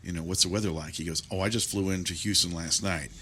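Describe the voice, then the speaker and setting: A man, hosting an interview and telling stories in a lively way, quoting people with animation. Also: low-pitched, quick pace, a little hiss or hum. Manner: lively storyteller, animated when quoting others. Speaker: interview host. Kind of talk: casual interview chat, telling a story.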